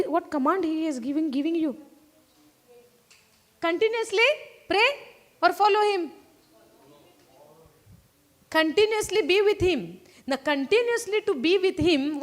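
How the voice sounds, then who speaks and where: A woman's voice: sits high, a little slow, pauses often. A woman with an Indian English accent preaching a sermon, emphatic and repeating phrases while calling on the congregation to answer.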